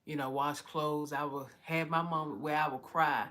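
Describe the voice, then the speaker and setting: A woman's voice: low-pitched, fairly even intonation, moderate pace, fairly bright tone. A woman giving a heartfelt personal testimony, often repeating "you know". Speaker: vlogger telling her story.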